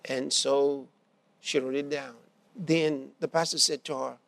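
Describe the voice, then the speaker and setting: A man delivers a sermon in a high voice with a gravelly edge. He tells a story and acts out its characters' lines, driving points home by repeating them. The sound is close and dry. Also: steady tone, unhurried, a bit bright, no room sound. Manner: repeats phrases for emphasis. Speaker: preacher.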